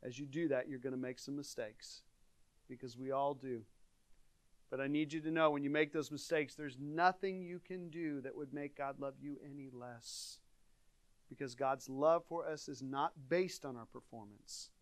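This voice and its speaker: A man's voice: mid-range voice, moderate pace, dry recording. A male pastor delivering an earnest, conversational sermon, his volume swelling and dropping for emphasis. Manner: earnest, conversational preaching with dynamic swings in volume.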